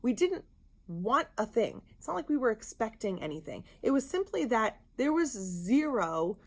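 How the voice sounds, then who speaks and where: A woman co-hosting a podcast, telling a story in casual chat, animated and indignant. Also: fairly high pitch, moderate pace. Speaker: podcast co-host.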